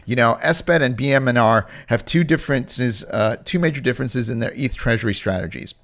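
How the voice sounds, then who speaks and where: A man's voice: medium pitch, fairly quick, a bit bright. Brash man doing crypto stock commentary. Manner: brash, emphatic, repeats phrases for emphasis. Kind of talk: casual market commentary video.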